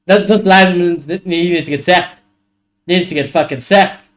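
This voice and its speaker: A young man with a high voice hosts a live football watchalong. He reacts excitably to the play and swears freely. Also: normal speed. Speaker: watchalong host.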